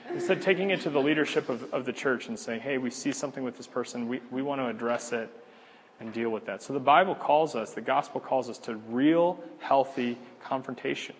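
A man teaching a church class in a relaxed, conversational way, with frequent fillers and easy laughs. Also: mid-range voice, fairly quick, big-room sound, slight background noise. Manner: conversational, laughs easily, many fillers and restarts. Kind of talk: casual teaching talk.

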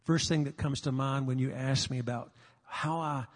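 An older man preaching a sermon, earnest and confessional, sometimes halting on repeated words, recorded live in a large hall. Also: medium pitch, fairly even intonation. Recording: long reverb of a large hall.

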